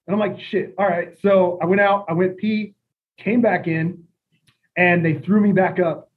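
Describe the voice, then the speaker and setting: A man's voice: high voice, fairly even intonation, a little slow. A young man telling a rambling party story in a laid-back, chuckling way. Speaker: podcast guest. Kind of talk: casual storytelling. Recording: tinny phone-like audio.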